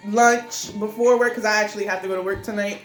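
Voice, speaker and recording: A woman's voice: medium pitch, steady tone, fast talker. A woman co-hosting a casual mukbang chat, talking loosely with lots of fillers while she eats. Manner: chatty, loose and rambling, full of fillers. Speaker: mukbang co-host. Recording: roomy echo.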